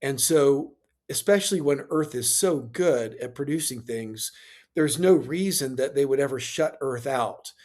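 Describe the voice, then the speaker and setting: A man's voice: mid-range voice, a little slow, darkish tone. Man explaining in a structured, lecturing way. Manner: lecturing, structured, with restarts and fillers. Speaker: space industry guest. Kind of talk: explanatory interview answers.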